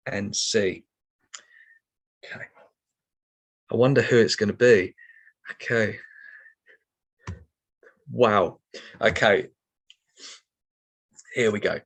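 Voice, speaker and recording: A man's voice: fairly low pitch, takes it slowly, pauses often, husky. A middle-aged man teaching sign language in an online session, explaining each step patiently with many ums and okays.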